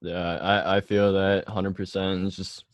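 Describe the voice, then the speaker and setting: Low-voiced agreeable male host. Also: level tone, measured pace, dry recording. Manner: brief, agreeable. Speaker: podcast host. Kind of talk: casual chat.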